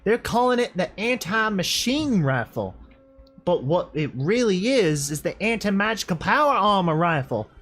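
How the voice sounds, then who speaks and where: A proud, hot-tempered country pony mare from a storybook reading speaks in folksy country talk, as a man voices her. Her voice sits high, and her temper runs close to the surface. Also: big pitch swings, normal speed, fairly bright tone, exaggerated voice. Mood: outraged. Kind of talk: fan fiction read aloud.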